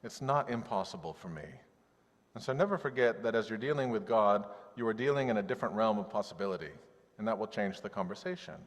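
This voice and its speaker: A man's voice: lowish voice, quick pace. Man preaching in a reverberant hall. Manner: conversational, animated preaching with acted-out quotes. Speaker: pastor. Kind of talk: sermon. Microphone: video call audio.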